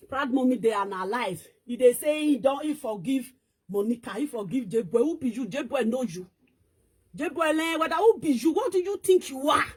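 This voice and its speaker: A woman's voice: high voice, a little mellow, slightly rough. A woman with a Nigerian Pidgin accent, ranting and scolding in casual online commentary, switching between languages.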